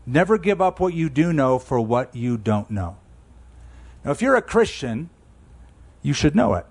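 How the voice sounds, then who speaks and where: A man in his sixties preaching a sermon in a conversational, emphatic way, slowing down on key phrases. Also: fairly high pitch, sing-song, darkish tone, breathy edge. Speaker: pastor.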